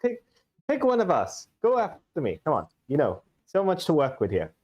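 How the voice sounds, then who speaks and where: Lively, teasing male game master. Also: fairly high pitch, moderate pace, dull audio. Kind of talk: hosting a tabletop game stream.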